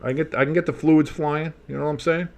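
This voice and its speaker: A man with a deep, bassy voice doing casual, joking play-by-play commentary of a game, swinging from murmured asides to loud outbursts. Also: steady tone, fast talker, creaky. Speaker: play-by-play host.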